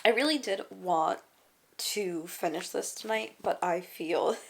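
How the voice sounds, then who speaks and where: A woman's voice: mid-range voice, a little slow, creaky, slight background noise. A young woman chatting casually and emotionally in a reading vlog, tired and full of exclamations. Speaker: book vlogger.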